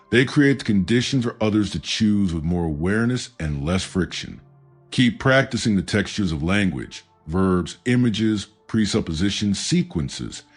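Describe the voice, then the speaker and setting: Deep-voiced guy reading a self-help audiobook, lots of pitch swing, soft music under it. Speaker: audiobook narrator. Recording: faint background music.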